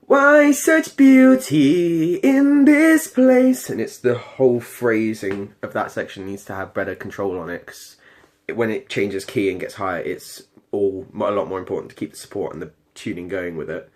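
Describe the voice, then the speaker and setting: A late-teen performing arts student with a British accent talks casually about his singing practice for a video diary. His voice sits low with fairly even intonation, and he speaks fairly quickly, rambling and hesitating with lots of ums and restarts.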